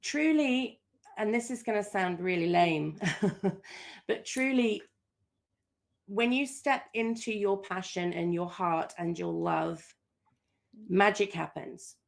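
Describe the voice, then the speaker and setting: A middle-aged woman coach in a podcast interview, telling stories with animated voices for her own quotes. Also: mid-range voice, takes it slowly, vocal fry, pauses often.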